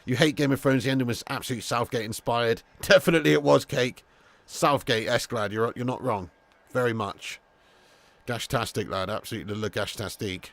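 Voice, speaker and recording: A man hosting a live football watch-along, chatting casually to viewers, swearing freely, and getting loud when calling goals. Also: medium pitch, a little fast, vocal fry. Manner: casual, laddish, swears freely, calls viewers mate and lad. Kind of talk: live streamed football commentary and chat.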